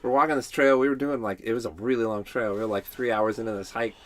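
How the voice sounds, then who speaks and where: A man's voice: medium pitch, fast. A man co-hosting a podcast, telling an anecdote in a rambling way. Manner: rambling with many fillers and restarts, lively. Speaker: podcast co-host. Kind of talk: casual anecdote.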